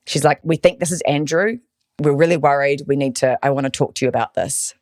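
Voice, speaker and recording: A woman from New Zealand, a podcast guest, telling a personal story in an animated, emotional way. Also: low voice, fairly quick, no room sound, studio quality. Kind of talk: storytelling in interview.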